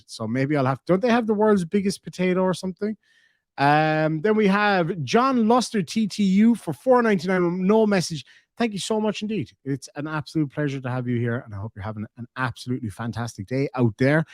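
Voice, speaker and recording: A lively Irish man rambles through a live stream, swearing freely and tripping over his own restarts. His voice sits a little high for a man, and the sound is close and dry with no room echo. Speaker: livestreamer reading viewer donations. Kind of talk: casual live-stream chat.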